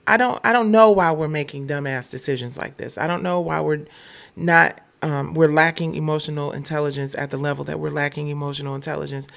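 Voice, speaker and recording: A woman's voice: low voice, fairly even intonation, fairly quick, creaky. A woman from Detroit hosting a casual news commentary show, blunt, irritated and profane. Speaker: show host.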